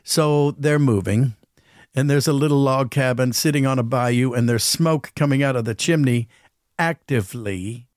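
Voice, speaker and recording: A man hosting a podcast, telling a story in a casual, animated way and acting out what people said. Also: mid-range voice, moderate pace, no room sound, clean studio sound. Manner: animated, acts out quotes, chuckles. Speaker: podcast host.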